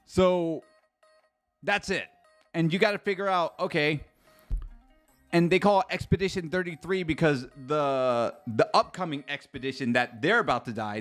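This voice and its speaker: A man's voice: on the high side, normal speed, a bit bright, faint music behind. A man streaming a casual live reaction, rambling and chatty, swearing freely and talking straight to his chat.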